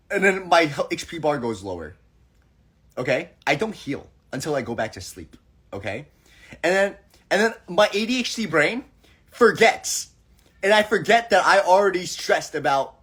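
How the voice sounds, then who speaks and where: A man hosting a casual livestream chat, telling stories in an animated way and acting out the other people's lines. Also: a little high, husky. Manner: animated storyteller who acts out conversations. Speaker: livestream host. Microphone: phone.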